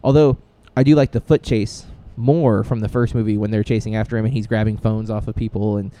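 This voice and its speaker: A man's voice: lowish voice, steady tone, fairly quick, mellow. A man co-hosting a podcast, chatting casually and enthusiastically, rambling with frequent fillers and restarts. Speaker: podcast co-host. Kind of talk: casual chat.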